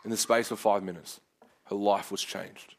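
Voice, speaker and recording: Young man, preacher, sermon story, slightly low pitch, casual, filler-heavy. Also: normal speed, vocal fry. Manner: casual, many fillers, animated when acting out his prayers.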